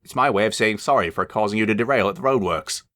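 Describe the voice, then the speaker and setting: A man's voice: fairly low pitch, fast, pushed and bright, no room sound, studio quality, pitched above the performer's own voice. A man voicing a sly, scheming female engine with a sniffy, sugary manner.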